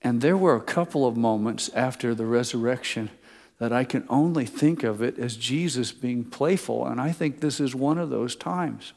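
A man preaching a sermon, retelling a story, swinging between loud emphasis and soft, slow asides. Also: mid-range voice, creaky. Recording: long hall reverb.

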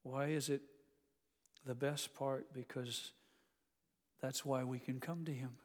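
A man in his sixties preaching a sermon, rising to loud emphatic declarations and dropping to hushed, intimate storytelling. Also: mid-range voice, fairly even intonation, slow, in a large hall. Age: 60s. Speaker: pastor.

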